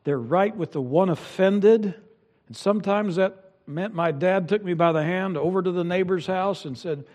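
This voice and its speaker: A man's voice: high-pitched, moderate pace, darkish tone. A middle-aged male pastor preaching an earnest sermon and often restarting his sentences. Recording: long hall reverb.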